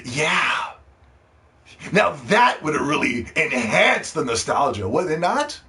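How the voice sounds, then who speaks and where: A man hosts a casual podcast with a fairly high voice. He rants in a profane, sarcastic way. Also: very animated, takes it slowly, pushed and bright. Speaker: podcast host.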